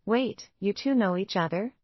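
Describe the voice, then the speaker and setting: A woman voicing a young husband who speaks in a soft, placating tone, read in a storybook style. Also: mid-range voice, moderate pace, no echo, natural voice. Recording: dull, dry lo-fi recording.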